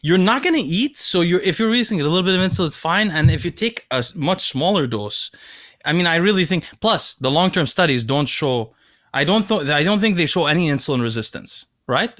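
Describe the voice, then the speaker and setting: A man hosting a podcast with a fairly high, animated voice. His tone is bright and forceful, and the sound is dry and close. He asks curious questions and laughs easily. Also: brisk, dry recording. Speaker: podcast host. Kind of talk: casual interview.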